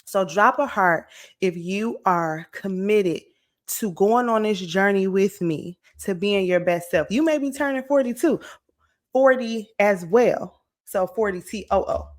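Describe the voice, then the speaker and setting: A woman's voice: mid-range voice, a little slow. Encouraging woman turning forty. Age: late 30s. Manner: energetic, encouraging, conversational with frequent "okay?" and "right?". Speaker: motivational vlogger. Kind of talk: casual motivational talk to camera.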